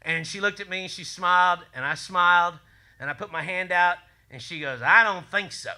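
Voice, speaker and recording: A man telling a profane, animated story on a comedy club stage, swearing and laughing through his lines. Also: high voice, fairly quick, clear, resonant tone.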